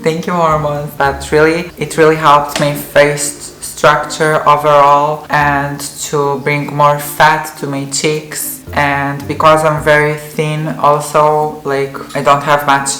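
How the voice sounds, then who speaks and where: Low, flat-voiced young woman vlogging. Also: slow pace, few pauses. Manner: chatty, earnest, many "like" fillers. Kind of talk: casual talk to camera. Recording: roomy echoey room.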